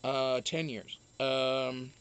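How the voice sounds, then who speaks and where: A man's voice: medium pitch, flat delivery, drawn-out words, smooth. A man chatting casually on a live stream, reading viewer comments aloud and answering them in a rambling, profane way, with many restarts. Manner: reads and answers viewer chat.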